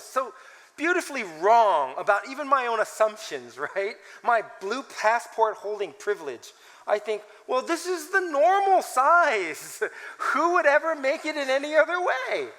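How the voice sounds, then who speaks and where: Brief: man in his forties, animated conference speaker, high bright voice, long hall reverb. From United States. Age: 40s. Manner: animated, self-mocking storytelling with laughs. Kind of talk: talk with scripture reading.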